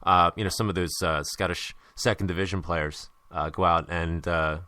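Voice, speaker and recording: A man's voice: sits low, fairly even intonation, moderate pace, sharp tone, clean tone, no room sound. A young American man hosting a casual sports chat, hungover and rambling with lots of fillers and restarts. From United States. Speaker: podcast host.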